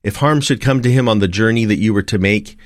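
A man reading the lines of a grieving old father who refuses to let his youngest son go, in a slow, measured way. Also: fairly low pitch, dry recording, studio quality, close to an everyday voice.

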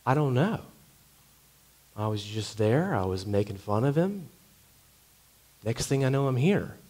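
A man's voice: medium pitch, very animated, unhurried, a little mellow. Preacher doing a baffled everyday guy, offhand and unsure. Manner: confused, casual, shrugging. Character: bewildered plain-spoken man, newly dead thief.

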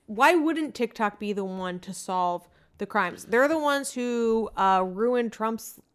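A young woman co-hosting a casual podcast after a glass or two of wine. She is sarcastic and profane, and her speech jumps around with a slightly high pitch. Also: expressive, slow, clear, resonant tone. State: tipsy from wine. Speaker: podcast co-host. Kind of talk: casual chat.

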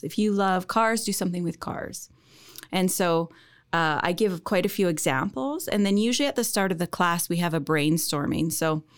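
A woman college business instructor, talking enthusiastically in a podcast interview and laughing often. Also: medium pitch.

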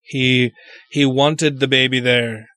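A man's voice: mid-range voice, fairly even intonation, takes it slowly, pushed and bright, no room sound. A man hosting a podcast, reading news items and giving profane, indignant commentary. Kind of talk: casual chat.

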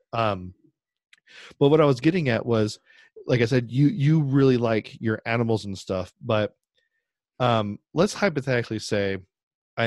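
Podcast host, man, medium pitch, dry recording, teasing jokey delivery. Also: no room sound. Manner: joking, teasing, hypothetical questions. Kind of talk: casual chat.

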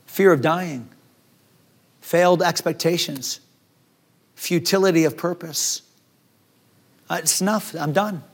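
A man's voice: fairly high pitch, animated, a little slow, creaky, long pauses, husky. A man preaching a sermon as pastor, acting out the despairing words of the people in his story. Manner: dramatic, acts out despairing voices.

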